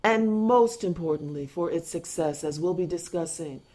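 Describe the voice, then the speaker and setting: A woman giving an impassioned spoken address, earnest and deliberate, pausing often and restarting phrases. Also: on the low side, warm tone.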